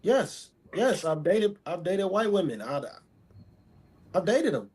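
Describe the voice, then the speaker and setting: A man's voice: high-pitched, big pitch swings, slow pace, a little mellow, slightly rough. A man speaking as a talk show guest, stating firm, repetitive opinions about women in casual talk.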